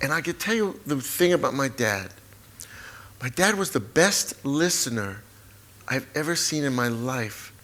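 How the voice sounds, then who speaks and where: A man in his sixties, a guest author in a live stage conversation, telling family stories with lively acted-out moments. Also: mid-range voice. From United States. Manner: animated storyteller, acts out family scenes. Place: auditorium stage before an audience.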